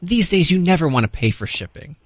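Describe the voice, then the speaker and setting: A man's voice: on the high side, very animated, fairly quick, no room sound, clean studio sound. A man co-hosting a morning radio show, skeptical and wisecracking in casual banter. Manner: wisecracking, skeptical, quizzing the others.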